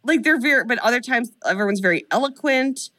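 Animated woman recapping a film with friend. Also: a little high, fast, no echo. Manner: animated storyteller, mimics lines in mock voices. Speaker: podcast co-host recapping a film. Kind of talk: casual comedic chat.

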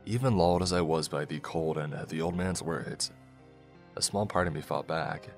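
A man narrating a first-person horror story in a measured, storytelling way. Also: extremely low pitch, creaky. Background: faint music.

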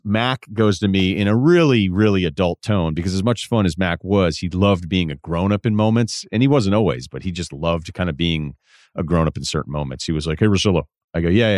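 A man's voice: deep voice, dry recording, studio quality. A middle-aged man hosting a podcast, telling a story in a casual, wry, self-deprecating way. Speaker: podcast host. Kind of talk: casual advice monologue.

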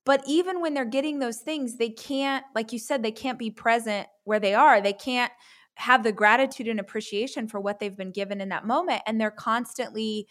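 A woman hosting a podcast in a casual, enthusiastic chat with her guest. Her voice sits a little high and she gushes over what he says. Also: moderate pace, fairly bright tone. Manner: enthusiastic, gushing. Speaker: podcast host.

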